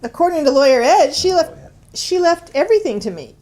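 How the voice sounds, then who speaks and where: A woman's voice: high-pitched, very animated, fairly quick, warm tone. An actress playing a flustered, stammering small-town woman in a comic radio soap.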